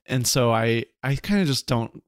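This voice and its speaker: A man with a mid-range, clear and resonant voice speaks at a normal speed with lively intonation, recorded dry with studio quality. He's co-hosting a podcast in casual chat, rambling, poking fun at himself and restarting often.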